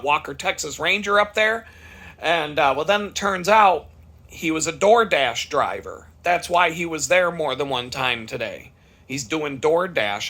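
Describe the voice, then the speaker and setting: A man's voice: medium pitch, pushed and bright. A man rambling through a casual, profane story about his day at work, full of restarts and swearing. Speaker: podcast host.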